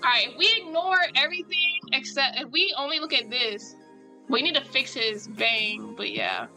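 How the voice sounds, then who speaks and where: A woman's voice: high-pitched, sing-song, moderate pace, sharp tone, soft background music, low-quality recording. A woman chatting casually and animatedly with her viewers while drawing live, in a rambling style.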